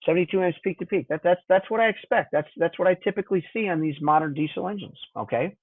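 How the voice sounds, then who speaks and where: A man's voice: high-pitched, quick pace. Man teaching on a tinny line. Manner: conversational, frequent "okay?" and "would you agree" check-ins. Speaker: diesel technician instructor. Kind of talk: technical webinar walkthrough. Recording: dry, tinny phone-like audio.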